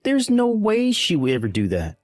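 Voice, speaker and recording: A man's voice: on the low side, lively intonation, normal speed, darkish tone, no echo, faint music behind. A man playing a dismissive, callous young husband in a voiced text-message drama, irritated and condescending.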